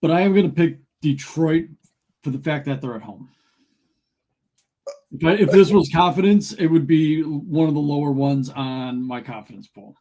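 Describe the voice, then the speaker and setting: A man's voice: fairly high pitch, moderate pace, warm tone. Easygoing man weighing his picks. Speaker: podcast co-host. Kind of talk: casual sports chat.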